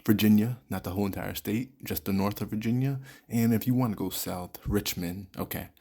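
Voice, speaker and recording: Guy with a gravelly voice doing a casual advice talk, real blunt. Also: lowish voice, steady tone, a little fast, warm tone. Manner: blunt and candid, talks straight to listeners. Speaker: podcast host.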